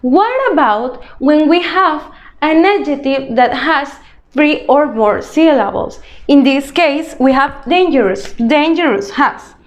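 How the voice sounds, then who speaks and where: A woman English teacher with a high-pitched, expressive voice speaks slowly, patiently walking through a grade-school grammar lesson step by step. She often checks in with "okay?", and the recording sounds muffled.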